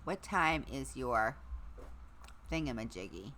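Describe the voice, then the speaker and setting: Middle-aged woman streamer, low-pitched yet bright, lively delivery, slightly hoarse, casual chat. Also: slow pace, slight background noise. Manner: chatty, talks to her gear and dogs. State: losing her voice. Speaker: livestream host.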